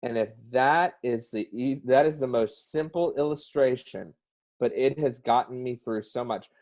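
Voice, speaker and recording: A man's voice: mid-range voice, moderate pace, a little mellow. A man with a Southern US accent, a guest speaking earnestly and expressively about personal experience, heard over a video call. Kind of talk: emotional personal interview.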